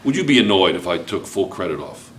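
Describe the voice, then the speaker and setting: A man's voice: sits low, fast talker, slight background noise. Joking male teacher quizzing a class. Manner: joking, lively, quizzes students with constant checks. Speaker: chemistry teacher. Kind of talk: classroom lecture.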